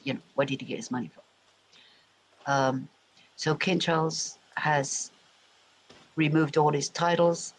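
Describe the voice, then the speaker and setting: English accent with American edges, casual livestream chat, rambling, mid pitch, faint background noise. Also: poor audio. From England, Royal Berkshire. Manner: rambling, chatty, addressing viewers directly. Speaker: livestream host.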